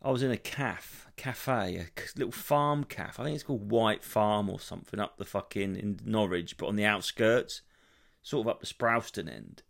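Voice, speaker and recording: A man's voice: lowish voice, moderate pace, vocal fry. A man, hosting a solo comedy podcast and rambling sweary stories with lots of restarts. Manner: rambling, sweary, animated storytelling. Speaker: podcast host.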